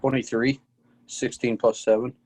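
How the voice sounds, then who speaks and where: A man's voice: mid-range voice, little pitch movement, normal speed, darkish tone, slightly rough. A man playing in a tabletop game, talking casually and thinking aloud about his character. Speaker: player.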